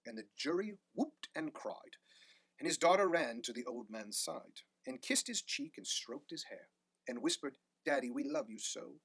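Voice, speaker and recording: Animated storybook reader, husky and bright. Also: male voice, a little high, a little slow, no room sound. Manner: animated rhyming read-aloud. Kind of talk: reading a picture book aloud.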